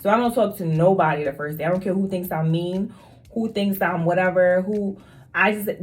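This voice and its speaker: A woman's voice: lowish voice, normal speed. A woman who works as a nurse, talking straight to her viewers in an emphatic, casual storytelling vlog. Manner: emphatic, talks straight to viewers, repeats phrases for stress.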